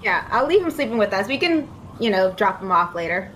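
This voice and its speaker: A woman's voice: mid-range voice, sing-song, fairly quick, fairly bright tone, a little hiss or hum, low-quality recording. A woman playing in a tabletop role-playing game, chatting casually and laughing often. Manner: playful, laughs often, acts her character's lines. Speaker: player.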